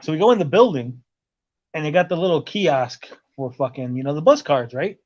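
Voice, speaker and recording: Swearing frequently and leaning on "like" and "right?", a man on a podcast spins a long, rambling travel tale in casual conversation. The voice is slightly high, animated and a touch fast with a darkish tone; the recording is lo-fi and muffled.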